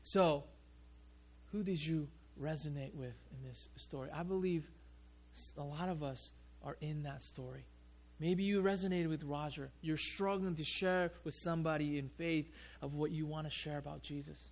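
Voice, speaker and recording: A male pastor tells a story in his sermon. His voice is fairly high with a gravelly fry, and he talks in an animated way, restarting his sentences often. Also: normal speed.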